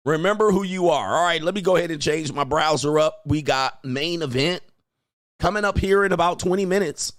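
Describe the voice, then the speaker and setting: A man hosting a livestream, reacting in casual commentary with drawn-out exclamations and chuckles. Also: fairly high pitch, a bit bright, no room sound, studio quality. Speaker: livestream host.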